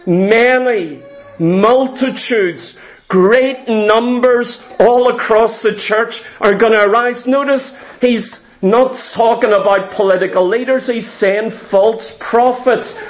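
A man preaching a sermon, emphatic and deliberate, repeating phrases for stress. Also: extremely high pitch, faint music behind, rough recording. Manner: slow, deliberate delivery.

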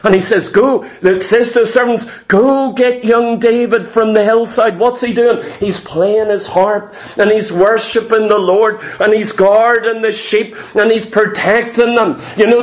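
A man preaching a sermon to a congregation, with an emphatic, repetitive cadence. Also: very high-pitched.

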